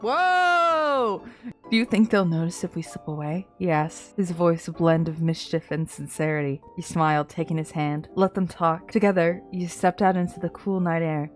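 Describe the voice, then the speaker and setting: A woman reading fanfiction aloud, hushed and soft in the story parts, with excited comments in between. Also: sits low. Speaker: content creator.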